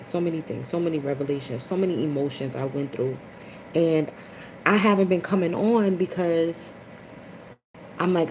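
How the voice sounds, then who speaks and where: A woman hosting a casual spiritual livestream chat, chatty and expressive, greeting viewers by name. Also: a little hiss or hum, poor audio. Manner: dramatic swings into high, loud retellings. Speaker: livestream host.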